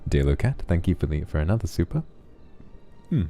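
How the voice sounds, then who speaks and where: A man streamer reading out viewer donation messages in a sleepy ASMR style, soft, affectionate and relaxed, close to the microphone. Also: low-pitched, fairly quick, faint music behind.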